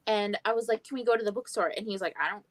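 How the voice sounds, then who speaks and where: A woman's voice: on the high side, steady tone, rapid-fire, a little mellow, no room sound. A young woman hosting a livestream, telling stories in a chatty way, swearing freely and acting out what people said. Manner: chatty storyteller, swears freely, acts out quotes. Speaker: livestream host. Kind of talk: casual chat.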